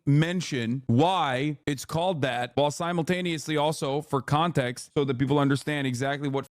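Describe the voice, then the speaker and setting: A man's voice: a little high, normal speed, dry recording, clean studio sound. Fired-up profane male streamer ranting. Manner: angry, profane, sarcastic, ranting. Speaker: streamer host. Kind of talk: live-stream commentary rant.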